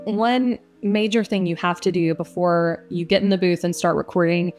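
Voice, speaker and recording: A woman's voice: fairly low pitch, fairly even intonation, normal speed, darkish tone, faint music behind. A young woman who narrates audiobooks, answering interview questions in a casual, reflective way with frequent fillers.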